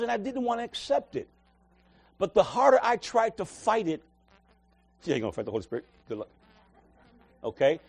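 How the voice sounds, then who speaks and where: A man with a fairly high voice tells his personal church testimony. He talks in an emotional, repetitive way. He pushes hard on some phrases and drops almost to a murmur on others. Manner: emotional, repetitive, swings from loud to quiet. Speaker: church member giving a testimony.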